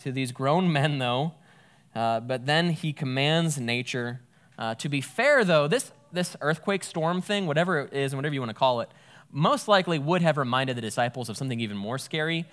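A man's voice: mid-range voice, animated, moderate pace, a bit bright. Man teaching scripture conversationally. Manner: casual, thinks aloud, corrects himself mid-sentence. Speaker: Bible teacher.

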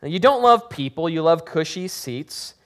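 Man preaching with sudden shouted woes. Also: on the high side, expressive, normal speed. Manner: dramatic scripture reading with shouted emphasis, then casual joking explanation. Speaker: pastor. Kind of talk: sermon.

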